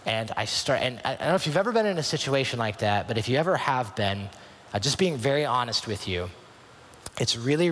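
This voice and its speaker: A man's voice: on the low side, a bit bright, slight background noise. A man in his thirties telling a personal story as a youth conference speaker, earnest and confiding, often restarting his sentences. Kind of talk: storytelling sermon. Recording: long hall reverb.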